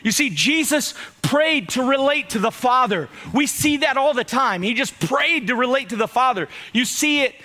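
A male pastor preaches with fiery passion, his voice high for a man and bright, almost ringing. He swings from near-shouts on his key points to quiet, hushed lines, and acts out the dialogue in his stories. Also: expressive, normal speed, few pauses. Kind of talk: sermon.

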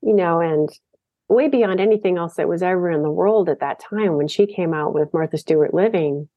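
Low-voiced woman telling stories. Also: normal speed, warm tone, no room sound. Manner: storytelling, enthusiastic. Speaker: guest, designer. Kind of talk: casual interview talk.

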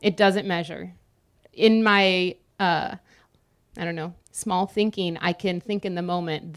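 Young woman preacher, smooth clear voice, conversational sermon with light teasing. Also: on the low side, steady tone, unhurried. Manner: conversational, jokes with the congregation.

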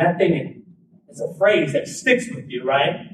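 A man's voice: a little high, measured pace. A man telling a personal story in a talk, informal, with lots of "like" fillers and restarts. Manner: informal, many "like" fillers and restarts, lively retelling. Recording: roomy, distant mic, faint background noise.

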